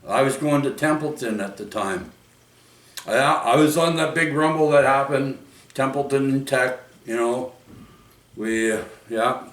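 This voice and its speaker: A middle-aged man talks at an unhurried, drawn-out pace. He rambles through his stories, breaking off and tossing in little interjections. He sits back from the microphone, and the room gives his voice an echoey sound. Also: mid-range voice, a bit bright, distant mic. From Vancouver, Canada. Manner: rambling, frequent restarts and interjections like "oi" and "right?". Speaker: vlogger. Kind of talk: rambling casual storytelling. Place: indoors at home. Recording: roomy echo, speaker away from mic.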